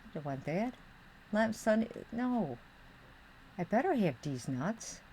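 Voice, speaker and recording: A woman's voice: mid-range voice, big pitch swings, measured pace, dark tone, slight background noise. A middle-aged woman from Western New York, her accent tinged with the Midwest, chatting casually with her live-stream viewers while crafting, rambling and muttering as she searches. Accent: Western New York with Midwestern touches.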